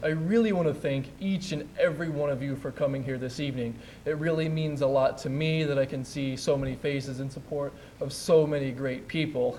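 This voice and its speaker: Young male student, slightly high voice, emotional spoken word delivery with faint hiss behind. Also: low-quality recording. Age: young adult. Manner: emotional, intense, building to loud peaks. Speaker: student speaker. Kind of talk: spoken word poetry performance. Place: theatre stage.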